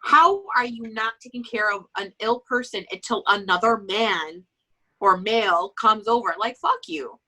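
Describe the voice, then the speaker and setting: A woman's voice: mid-range voice, normal speed, pushed and bright. A woman co-hosting a casual book club chat, ranting emphatically and swearing often.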